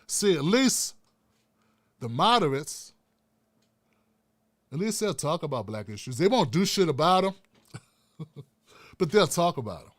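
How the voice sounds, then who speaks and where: A man's voice: a little high, very animated, measured pace, pauses often. An older man hosting a profane, fiery political rant with a preacher-like cadence. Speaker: political commentator host. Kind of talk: ranting political commentary.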